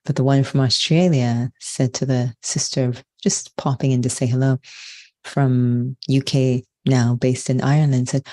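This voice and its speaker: A woman from Canada, a meditation teacher giving a slow, measured spiritual talk. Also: rumbling low. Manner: calm, measured, unhurried.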